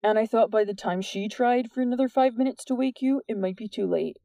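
A woman reading the part of an earnest, worried teenage boy who talks softly and sincerely in an audiobook. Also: fairly high pitch, a little fast, gravelly, no room sound. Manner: soft, plain and sincere.

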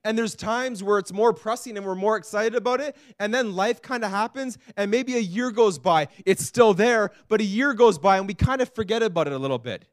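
High-voiced earnest preaching man. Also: fairly quick, hardly any pauses, dry recording, studio quality. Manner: earnest preaching, swinging from hushed to loud pleading. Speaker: pastor. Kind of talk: sermon. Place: church.

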